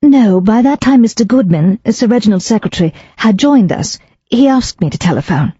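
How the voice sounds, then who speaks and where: A narrator voicing a spirited young aristocratic woman writer who speaks briskly and a little tartly. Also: mid-range voice, lively intonation, mellow, no room sound, dull audio, pitched above the performer's own voice. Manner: brisk, crisp, a little tart.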